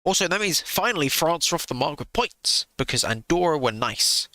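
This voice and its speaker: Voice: mid-range voice, big pitch swings, moderate pace, sharp tone, no echo. A streamer giving sarcastic live reaction commentary into a close desk mic, swearing freely.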